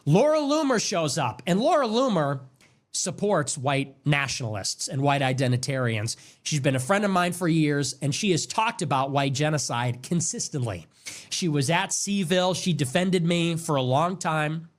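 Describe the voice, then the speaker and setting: An insistent man hosting a commentary monologue, his voice sitting higher than most men's. He presses his points hard and repeats words for emphasis. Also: expressive, moderate pace. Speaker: show host.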